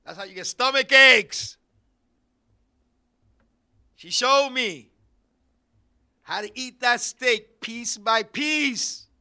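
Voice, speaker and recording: A man hosting a talk show in a studio, telling a comedic story with loud bursts and laughing asides. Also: very high-pitched, extremely slow, long pauses, clean tone. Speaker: podcast host.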